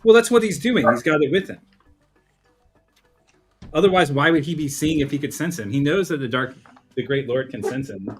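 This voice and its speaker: A man's voice: on the high side, animated, normal speed, pauses often, faint music behind. A man co-hosting a podcast, explaining a book scene in a matter-of-fact way and reading passages aloud. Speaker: podcast co-host. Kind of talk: casual book-discussion chat.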